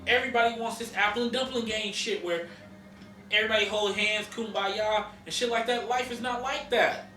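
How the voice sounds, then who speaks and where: A man's voice: sits high, normal speed, pushed and bright, reverberant, far from the mic, slight background noise. A man hosting a podcast, ranting in heated casual chat, profane and emphatic. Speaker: podcast host.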